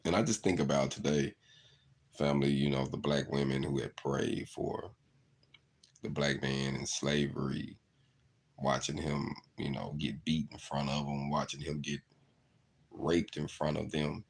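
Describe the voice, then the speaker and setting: A man's voice: extremely low pitch, level tone, measured pace, gravelly, breathy edge. A middle-aged man, earnestly telling stories in a reflective monologue. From southeast Arkansas. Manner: earnest, storytelling, repeats "you know". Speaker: channel host.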